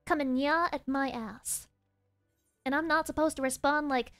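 A woman streaming a game from her desk, chatting in an excitable, rambling way full of swearing. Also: sits high, normal speed. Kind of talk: casual game stream chat. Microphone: desk mic.

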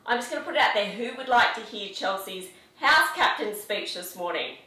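This fitness instructor's mid-range voice is animated, bright, and forceful at normal speed. The mic sits at a distance in an echoey room as she leads a live workout in her home studio, counting reps and cheering people on.

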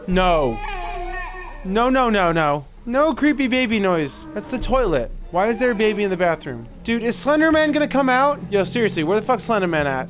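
A man's voice: high voice, sing-song, normal speed, dull audio, faint music behind. A young man giving frightened, swearing commentary while playing a horror game and talking to his viewers. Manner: jumpy, swearing, talks to viewers. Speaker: gaming video host. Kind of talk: scared let's-play commentary.

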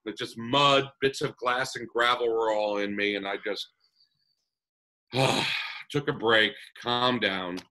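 Bright-voiced man telling a rambling story. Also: mid-range voice, steady tone, slow, low-quality recording. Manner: rambling with many "uh" fillers and chuckles. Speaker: podcast guest telling a personal story. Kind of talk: casual anecdote storytelling.

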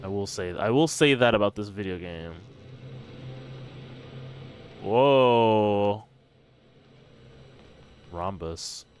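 A man's voice: deep voice, animated, normal speed, slight background noise. A man streaming a video game live, reacting and joking as he plays. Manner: reactive, jokey, exclaiming. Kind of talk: live gameplay commentary. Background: game music.

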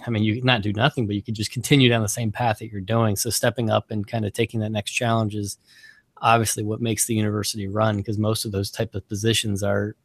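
A man's voice: lowish voice, no echo. Chatty male podcast host, dry sound. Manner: chatty, rambling with fillers. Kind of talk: casual interview chat.

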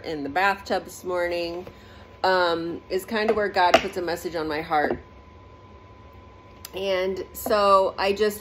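A woman's voice: on the low side, a little hiss or hum. A woman talking in a casual faith vlog, rambling conversationally with lots of fillers, filmed on a phone in her bathroom. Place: home bathroom.

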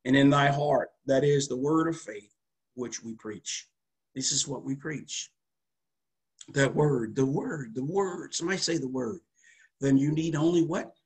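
A man preaches with fervor, his voice husky and slightly rough. He calls for responses from the congregation and peppers his lines with hallelujahs. His pitch sits at an ordinary middle level. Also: measured pace. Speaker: pastor. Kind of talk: sermon.

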